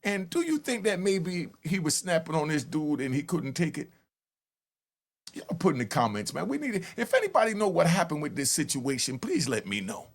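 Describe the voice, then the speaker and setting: A man giving a lively storytelling commentary, acting out calls and yells. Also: a little high, moderate pace. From New York. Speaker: commentary host. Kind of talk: animated street-talk commentary.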